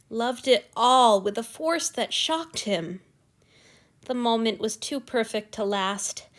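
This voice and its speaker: A woman narrating a fan fiction story aloud with a steady, expressive reading. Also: on the high side. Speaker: story reader.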